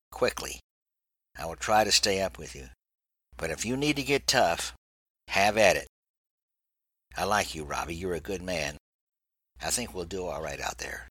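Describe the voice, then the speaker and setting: A man's voice: low voice, moderate pace, long pauses, fairly bright tone, dry recording, low-quality recording. A man voicing a young male sailor, loyal and playful, who sometimes slips into mock-pirate talk. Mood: reassuring.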